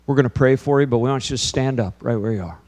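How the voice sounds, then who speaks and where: A man in his fifties, a pastor preaching to a congregation, telling a lively story, then turning quiet and earnest. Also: mid-range voice, fast. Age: 50s. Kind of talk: sermon with storytelling. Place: church before a congregation.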